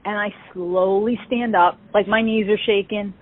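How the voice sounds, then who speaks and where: A woman, telling an animated story as an interview guest and acting out the quoted dialogue. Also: medium pitch, moderate pace, no room sound. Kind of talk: casual storytelling. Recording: tinny phone-like call audio.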